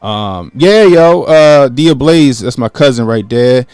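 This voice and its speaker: A man in his late thirties from Baltimore, hosting a casual livestream, greeting chat viewers and telling a story with lively acted-out quotes. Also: mid-range voice, slow pace, smooth, no echo. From Baltimore, USA. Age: 30s. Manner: animated, acts out quotes, greets chat by name. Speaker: livestream host.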